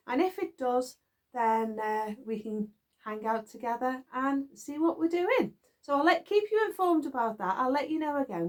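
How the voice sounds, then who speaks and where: A British woman who vlogs about knitting chats casually to her viewers from a garden shed. She is chatty and giggly, with a lively pitch.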